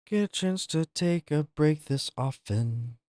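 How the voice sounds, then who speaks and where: Animated young man reacting on stream. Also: on the high side, slow pace, no echo, studio quality. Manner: incredulous, swearing, exaggerated reactions. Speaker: live streamer. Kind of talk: casual live-stream chat.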